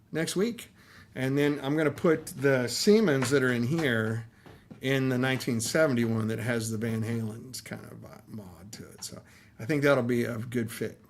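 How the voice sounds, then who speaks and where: A middle-aged man hosts a casual live stream, sounding tired and worn down. His voice sits at a middling pitch. He rambles in an easygoing way, restarting sentences and letting his voice drop away. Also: measured pace, gravelly, a little hiss or hum. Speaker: livestream host.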